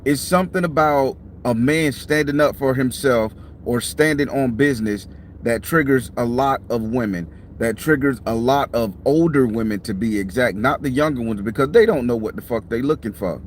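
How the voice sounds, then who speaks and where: A man's voice: mid-range voice, moderate pace, slight background noise. A middle-aged man, a tarot reader, talks casually and bluntly from a parked car, tired and yawning, with plenty of profanity. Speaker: tarot reader and channel host. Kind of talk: casual talk to camera. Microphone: clip-on mic.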